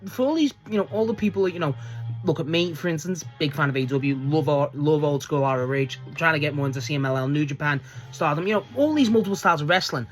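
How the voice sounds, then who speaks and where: Excitable, swearing wrestling fan host. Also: medium pitch, quick pace, faint music behind. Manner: excitable, swears freely, restarts sentences often. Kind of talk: casual rambling fan monologue.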